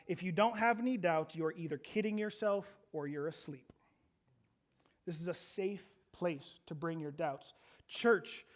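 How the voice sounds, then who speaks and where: High-voiced man preaching a sermon. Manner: rhetorical questions to the congregation; acts out quoted prayers with rising intensity. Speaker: pastor.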